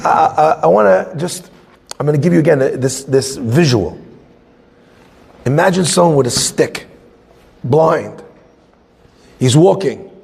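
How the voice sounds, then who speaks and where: Man, rabbi, lively class talk, husky voice, echoey hall. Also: a little high, a little slow, pauses often. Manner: animated, acts out scenes, conversational.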